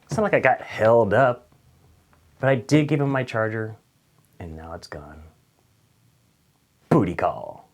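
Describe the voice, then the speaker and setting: A young man telling a funny story straight to camera, swinging from loud acted-out outbursts to low mutters. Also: moderate pace. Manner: animated, swings between loud outbursts and mutters, acts out voices. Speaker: storyteller vlogger.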